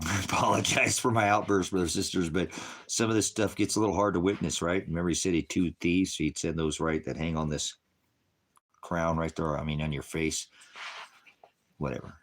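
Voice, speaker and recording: Very deep-voiced man ranting. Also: fairly even intonation, brisk, fairly bright tone. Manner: combative, mocking and profane; chuckles often between remarks. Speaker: online preacher. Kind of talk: ranting livestream sermon answering comments.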